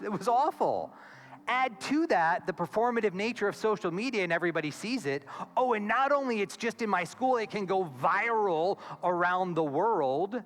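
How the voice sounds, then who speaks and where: A man giving a conference keynote as a therapist, animated and acting out quoted voices, on a stage mic in a large hall. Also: high-pitched, normal speed. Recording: long hall reverb with faint music.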